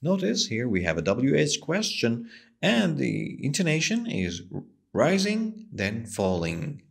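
A man teaching an English lesson, explaining patiently and slowly with a strongly rising and falling voice. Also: mid-range voice, huge pitch swings, vocal fry.

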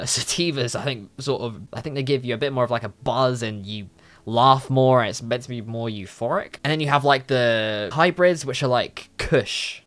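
A young man, telling a story in a casual, animated way and swearing freely. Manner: animated, swears a lot, jumpy pitch. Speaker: vlogger.

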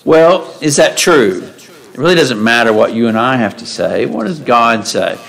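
A man's voice: medium pitch, expressive, moderate pace, creaky, fairly bright tone, rough recording. Man preaching a conversational sermon. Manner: conversational, asks rhetorical questions, reads scripture aloud. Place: church sanctuary.

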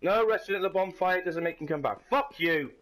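A man commenting on his own gameplay, swearing and shouting in frustration at enemies. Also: high voice, fast talker. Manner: sweary, frustrated outbursts at the game. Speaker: gamer. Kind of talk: let's play commentary.

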